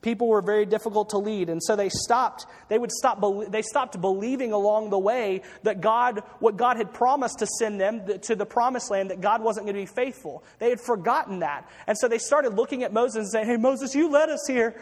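High-voiced preacher in a reverberant hall. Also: male voice, brisk, hardly any pauses. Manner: storytelling with acted quotes, frequent restarts. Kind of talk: sermon.

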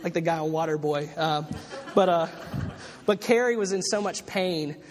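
High-pitched pastor guy rambling through a sermon story, lots of ums, big echoey church hall. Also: moderate pace. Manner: storytelling with many fillers and restarts. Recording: long reverb of a large hall.

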